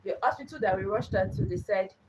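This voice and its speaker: A woman's voice: medium pitch, fast talker, recorded from a distance, noisy background. A young adult woman hosting her own channel, telling a personal story in an earnest way, repeating phrases for emphasis. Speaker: channel host.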